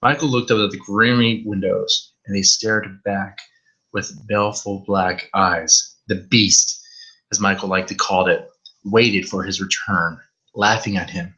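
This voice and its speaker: A man's voice: fairly low pitch, steady tone, measured pace, pushed and bright, muffled recording. A man reading a horror story aloud on a live stream, stumbling over words now and then and swearing in asides.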